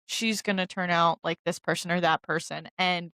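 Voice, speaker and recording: A young woman co-hosting a casual chat, telling lively stories and acting out the people she quotes. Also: lowish voice, moderate pace, clear, resonant tone, dry recording. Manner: animated storytelling, acts out quoted people. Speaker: co-host.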